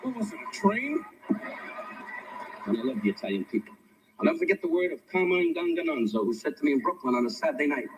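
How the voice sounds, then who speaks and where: An older man fires off teasing insults at a live roast. His voice sits high and swings widely in pitch. The archival recording is thick with loud background noise. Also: very animated. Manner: teasing, barbed, rapid insults. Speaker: insult comedian.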